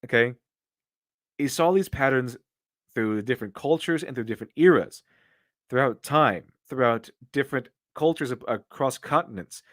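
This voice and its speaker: Man, middle pitch, dry close sound, rambling streamer commentary, opinionated, lots of restarts. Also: animated, normal speed, a bit bright, dry recording. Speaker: streamer reading viewer donations. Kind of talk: casual live-stream commentary.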